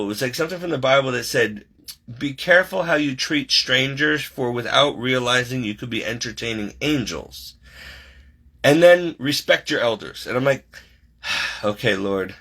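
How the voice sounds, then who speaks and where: A man's voice: mid-range voice, pushed and bright. A man telling a personal story over a video call, rambling with many fillers and restarts.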